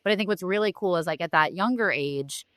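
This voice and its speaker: A woman's voice: on the low side, a little fast, a bit bright, dry recording, clean studio sound. A woman co-hosting a podcast, reflecting in a casual chat with an encouraging manner. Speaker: podcast co-host.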